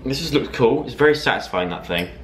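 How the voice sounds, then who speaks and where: A young man in his twenties vlogging as he cooks in his home kitchen, talking to the camera in a rambling, self-mocking, excitable way. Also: medium pitch, fast talker. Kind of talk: casual chatty cooking vlog. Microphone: camera mic, talking to camera.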